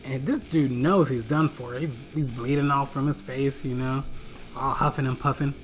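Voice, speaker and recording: A comedic narrator retelling an action movie, excitable and full of sound effects and slang. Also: mid-range voice, moderate pace, faint music behind. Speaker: comedy film recapper.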